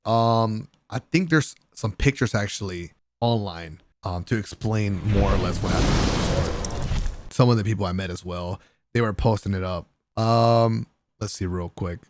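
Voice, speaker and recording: A man's voice: fairly low pitch, normal speed, slight background noise. Man telling a rowdy vlog story. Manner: excitable, profane, laughing, slangy. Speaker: gaming content creator.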